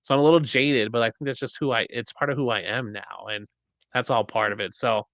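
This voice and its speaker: A man hosting a podcast in a casual chat, telling stories in an animated way and acting out quotes. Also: medium pitch, fairly quick, gravelly, dry recording. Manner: animated storyteller, acts out quotes. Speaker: podcast host.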